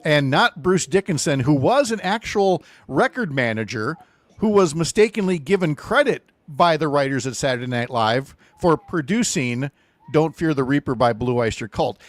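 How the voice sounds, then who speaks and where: A man's voice: on the high side, expressive, moderate pace, dry recording. A middle-aged man hosting a morning radio show in a casual, joking way, with wry asides. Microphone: studio microphone.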